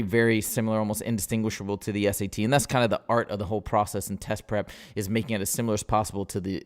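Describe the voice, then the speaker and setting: Upbeat low-voiced man tutoring math. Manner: upbeat, casual, thinks aloud while solving. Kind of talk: live-streamed test walkthrough.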